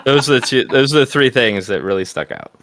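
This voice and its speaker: A man co-hosting a podcast in relaxed casual chat, recounting moments with plenty of filler words. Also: medium pitch, fairly quick, no room sound. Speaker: podcast co-host.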